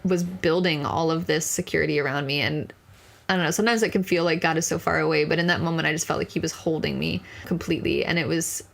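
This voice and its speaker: A woman's voice: sits low, steady tone, quick pace, creaky, a bit bright. A young woman in her twenties, a podcast guest telling a personal story in an earnest, candid way, full of casual fillers. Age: 20s.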